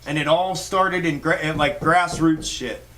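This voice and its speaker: A man hosts a stock market livestream, casually reading and answering viewer comments in a fired-up, rambling style full of swearing, restarts and fillers. His voice is a little high, steady and sharp, and he talks a little slowly. The recording is rough.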